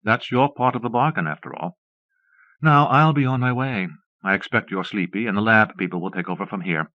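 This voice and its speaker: A man reading the part of a polite but quietly cynical woman, speaking briskly, from a dull, dry cassette audiobook. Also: fairly low pitch, dry recording, close to an everyday voice. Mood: reassuring. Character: polite, cool-mannered woman escort.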